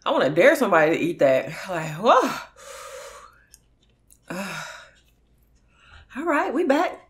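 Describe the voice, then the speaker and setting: Woman reacting loudly to spicy food. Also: mid-range voice, big pitch swings, takes it slowly. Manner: exclaiming and groaning over spicy food. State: overwhelmed by spice heat. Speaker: mukbang vlogger. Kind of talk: casual eating vlog.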